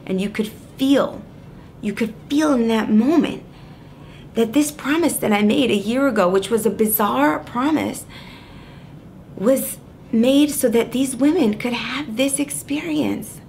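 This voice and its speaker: A woman educator telling a personal story in an expressive way, her voice swinging from lively to hushed. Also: a little high, unhurried, slight background noise. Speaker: Jewish educator and coach.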